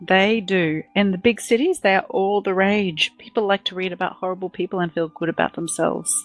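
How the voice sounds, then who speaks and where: A woman's voice: medium pitch, fairly even intonation, fairly quick, no room sound, soft background music, poor audio. A woman playing a character in a tabletop game, speaking in a polite, slightly formal way. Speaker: player.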